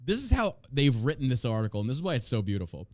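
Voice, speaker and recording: A man's voice: medium pitch, very animated, rapid-fire, a little mellow, no room sound, clean studio sound. A man hosting a podcast, ranting in a profane, sarcastic, casual way about politics. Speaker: podcast host.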